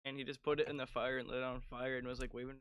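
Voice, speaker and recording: A young man co-hosting a podcast in casual chat, giggly and quick to laugh. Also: medium pitch, little pitch movement, fairly bright tone, smooth. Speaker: podcast co-host.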